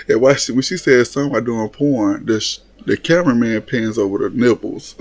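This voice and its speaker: A man hosting a casual reality TV recap, blunt and mocking, often laughing as he talks. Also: medium pitch. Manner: blunt, laughs often, mocks what he watched. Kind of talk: casual commentary.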